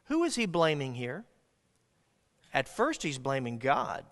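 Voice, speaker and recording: A man's voice: mid-range voice, wildly swooping pitch, measured pace, long pauses, a bit bright, long reverb tail. A man preaching a sermon as pastor, earnest and dynamic, often restarting his words.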